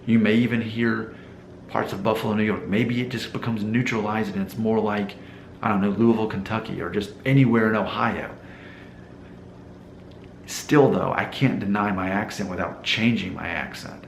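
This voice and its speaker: A man's voice: on the low side, fairly even intonation, normal speed, vocal fry, roomy sound, a little hiss or hum, poor audio. A man from Alabama with a mild Southern accent, talking casually to camera in a rambling vlog and asking his viewers rhetorical questions. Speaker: hair loss YouTuber.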